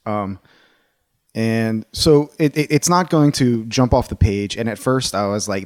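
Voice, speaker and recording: A man's voice: lowish voice, unhurried, darkish tone, dry recording, studio quality. A man co-hosting a sports podcast, talking in a casual, opinionated and rambling way, with frequent restarts.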